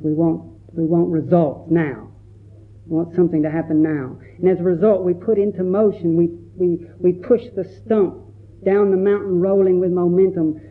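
A man, a Buddhist monk, giving a gentle, reflective dharma talk and telling stories with quoted voices. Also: high voice. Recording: tinny phone-like recording.

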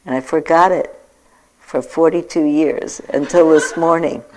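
A woman in her sixties giving a reflective dharma talk as a meditation teacher, telling a personal story with gentle self-mocking humor. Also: deep voice, steady tone, a little slow, a little hiss or hum, rough recording. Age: 60s.

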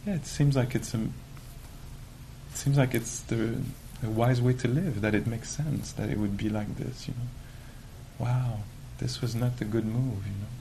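Animated man teaching meditation. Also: mid-range voice, measured pace, creaky, slight background noise, rough recording. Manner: animated, acts out quoted inner voices; many fillers like "you know". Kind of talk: conversational dharma talk.

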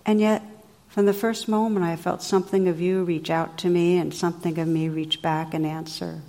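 A woman voicing a devoted, chivalrous young knight in a read-aloud legend, her own low voice barely changed. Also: level tone, moderate pace, warm tone, long reverb tail, natural voice. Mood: tender.

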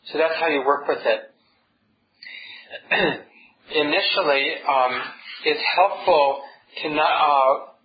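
A man giving a dharma talk as a meditation teacher, calm and reflective, speaking in gentle repeated phrases. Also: fairly high pitch, highs cut off, a little hiss or hum. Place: meditation hall with a group.

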